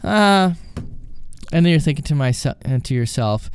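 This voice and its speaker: Canadian male podcast host, mid-pitched, smooth and dry, lively storyteller who acts out calls. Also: normal speed, no echo. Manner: animated, acting out quoted phone calls. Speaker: podcast host and former call-centre agent. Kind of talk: casual storytelling.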